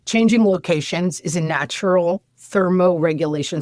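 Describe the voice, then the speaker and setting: A woman co-hosting a podcast in casual chat, with wry, deadpan humor. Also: fairly low pitch, normal speed, no echo, studio quality. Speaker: podcast co-host.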